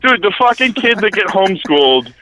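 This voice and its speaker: A man's voice: high-pitched, big pitch swings, fairly quick, sharp tone, poor audio. A man calling in to a talk show, ranting and teasing the hosts in casual, profane banter. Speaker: caller.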